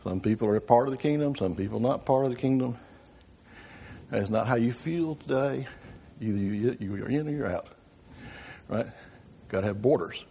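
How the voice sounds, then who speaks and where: A man's voice: mid-range voice, moderate pace, creaky, pauses often, dark tone, husky. A man teaching an informal church Bible class, often asking the room questions and checking in with "right?". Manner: conversational, asks the class questions with frequent "right?".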